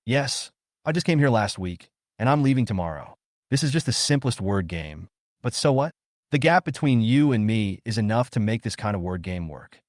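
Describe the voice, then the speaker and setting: A man voicing a calm, smug young man in glasses who lectures in an even, measured way, in a read-aloud comic story. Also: fairly low pitch, dry recording, clean studio sound, lightly acted.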